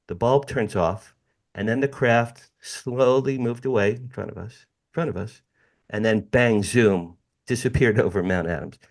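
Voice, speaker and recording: A middle-aged man from the United States, a podcast guest telling a personal story with emphatic repetition and direct asides to the hosts. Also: mid-range voice. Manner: emphatic, repeats phrases, addresses listeners as "you guys".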